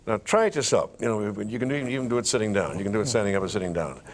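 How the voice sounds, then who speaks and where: A man's voice: fairly low pitch, rapid-fire. A man being interviewed, telling stories animatedly and walking the listener through breathing and voice exercises. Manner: animated storyteller who demonstrates vocal exercises aloud. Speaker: interview guest, stage performer. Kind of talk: conversational interview.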